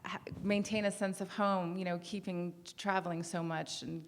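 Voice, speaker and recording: A woman's voice: on the low side, fairly even intonation, moderate pace. A woman interviewer chatting casually, often restarting her questions as she goes.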